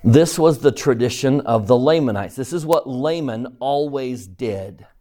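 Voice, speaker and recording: A middle-aged man leads a scripture lesson in a classroom. He speaks with animated emphasis and keeps turning questions back to his listeners. His voice sits at an ordinary middle pitch for a man. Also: measured pace. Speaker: scripture teacher.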